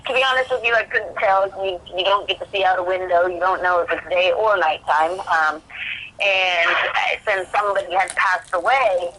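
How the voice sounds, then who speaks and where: A woman with a fairly low, steady voice that's a bit bright speaks at a moderate pace on a low-quality recording with slight background noise. She's a podcast guest speaking from prison, rambling candidly through her own story with lots of fillers and restarts and quoting what she was thinking then.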